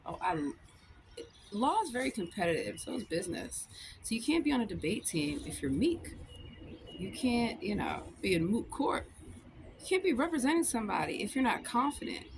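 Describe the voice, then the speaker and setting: A woman in a casual rant to camera, blunt and profane, laughing often, talking as a law student and comedian. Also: medium pitch. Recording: noisy with vehicle sounds behind.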